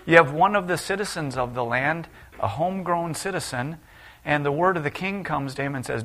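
A middle-aged man preaching a sermon. He retells Bible stories and voices the people in them, at times rising to loud exclaims. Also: fairly high pitch, fairly quick.

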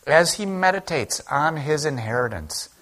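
A man's voice: on the high side, lively intonation, normal speed, a bit bright. A man, a pastor, preaching a sermon in an earnest, conversational way at a church service. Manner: conversational, earnest preaching that acts out quoted speech.

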